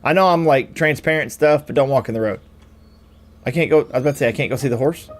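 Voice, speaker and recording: A man's voice: mid-range voice, quick pace, soft background music. A man hosting a let's play, casually recapping the story and joking wryly as he plays. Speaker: gaming channel host.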